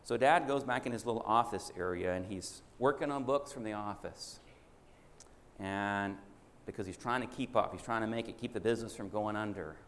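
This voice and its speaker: A man's voice: lowish voice, normal speed, fairly bright tone. A man preaching a sermon as a folksy story. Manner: folksy, acts out child and father voices in a story. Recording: echoey hall with faint hiss.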